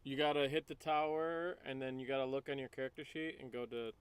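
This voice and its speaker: A man's voice: medium pitch, steady tone, a little fast, a loud crowd. A man playing a tabletop game, helpfully explaining the rules to another player. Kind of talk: casual tabletop game chat.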